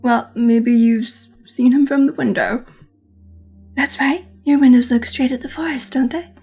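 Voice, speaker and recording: Woman doing a slow suspicious cop. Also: high voice, fairly even intonation, dark tone, slightly rough, soft background music. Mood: probing. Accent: Russian. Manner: slow, probing questions. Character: suspicious weary male police officer, middle-aged.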